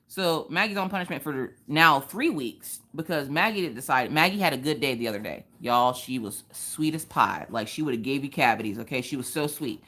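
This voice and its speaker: Woman, 30s, livestream craft host; lower voice, chatty storyteller. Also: fairly bright tone. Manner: chatty, storytelling, joking asides to chat. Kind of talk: casual chat while diamond painting.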